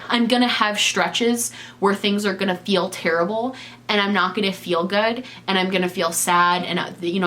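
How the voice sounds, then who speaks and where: Candid young woman vlogging, halting restarts. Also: mid-range voice, fairly bright tone. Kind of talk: casual confessional chat.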